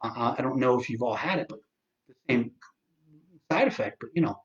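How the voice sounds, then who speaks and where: Man, forties, livestream host, sarcastic, swears a lot, halting with fillers, muffled lo-fi audio. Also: medium pitch, animated. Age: 40s. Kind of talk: casual livestream chat.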